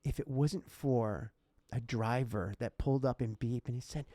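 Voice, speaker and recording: A man's voice: medium pitch, moderate pace, dark tone, no room sound. A man hosting a casual podcast, telling a personal story in a heartfelt, emotional way. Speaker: podcast host.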